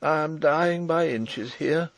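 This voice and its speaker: A man's voice: on the high side, slow, creaky, no room sound, voice pushed up. A man voicing an imprisoned king, with a faint, hollow, despairing voice. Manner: weary, despairing. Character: captive male king, weak, hollow and despairing.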